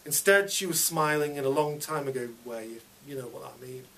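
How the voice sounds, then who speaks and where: A man's voice: mid-range voice, a little fast, fairly bright tone, distant mic. A man reading his own story aloud at a fiction night, in a chatty child narrator's voice.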